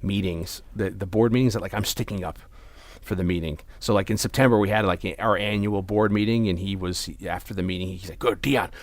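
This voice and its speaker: A man's voice: deep voice, steady tone, fairly quick, no echo. Rambling young man, dry sound. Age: young adult. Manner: rambling storyteller with many restarts. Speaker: podcast host. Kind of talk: casual chat.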